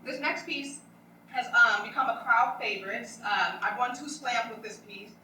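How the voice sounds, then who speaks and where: An American woman, a spoken word poet, performing slam poetry live at a book release with a rhythmic, emphatic delivery, dramatic pauses and sharp swings between loud and hushed lines. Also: on the high side, slight background noise. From Minneapolis, USA. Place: live book release event in a large echoey room. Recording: very echoey room, mic at a distance.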